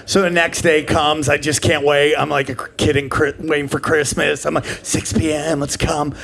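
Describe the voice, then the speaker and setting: A man's voice: on the high side, level tone, creaky, fairly bright tone, slight background noise. A man in his forties performing a profane, brash stand-up set live on stage, slipping into character voices. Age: 40s. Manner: brash, profane, acts out characters in quick bursts. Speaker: stand-up comedian. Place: live comedy club stage. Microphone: handheld stage mic.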